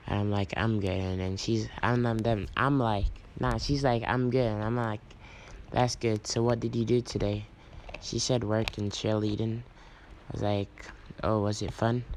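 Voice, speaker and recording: A young man casually retelling a text conversation in a low-key, rambling way, full of "I'm like" and "she's like". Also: darkish tone, slight background noise, rough recording. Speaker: vlogger. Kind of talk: casual storytelling, reading out texts.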